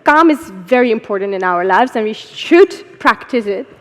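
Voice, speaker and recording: Brief: woman moderator, higher voice, friendly, hall echo. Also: expressive, normal speed. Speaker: interviewer and moderator. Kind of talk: live onstage interview. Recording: reverberant live hall.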